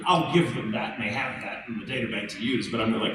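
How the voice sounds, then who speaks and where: A man who voices characters, telling animated stories on a convention panel stage, recorded from a distance in a large hall. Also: mid-range voice. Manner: animated storytelling, quick asides. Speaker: voice actor, panel guest. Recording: echoey hall from far off with noise.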